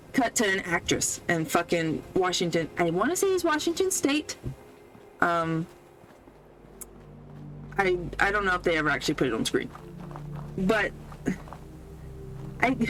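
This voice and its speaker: Lively, high-voiced sarcastic woman host. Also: a little hiss or hum, low-quality recording. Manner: profane, sarcastic, laughs often. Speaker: podcast host. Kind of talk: casual movie recap while playing a video game.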